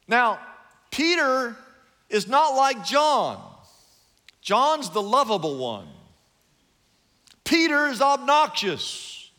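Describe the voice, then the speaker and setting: A man's voice: extremely high pitch, sing-song, slow pace, long pauses, bright, forceful tone. A man pastor preaching an emphatic sermon from the stage of a large church hall. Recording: long hall reverb.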